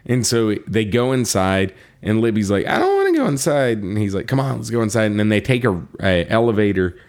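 A man co-hosting a podcast, casually retelling a story, laughing often and acting out the characters' lines in quick quoted voices. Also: on the low side, fairly even intonation, darkish tone. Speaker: podcast co-host.

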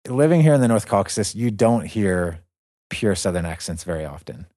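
A man hosts a podcast in a relaxed, upbeat way. His voice sits a little low, and he talks in a friendly, easygoing manner. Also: normal speed. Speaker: podcast host. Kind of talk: casual podcast chat.

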